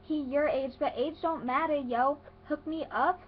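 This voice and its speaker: A woman's voice: sits high, fairly even intonation, measured pace, lo-fi sound, slight background noise. A young woman voicing her annoying girl cousin as a gushing, slangy texter.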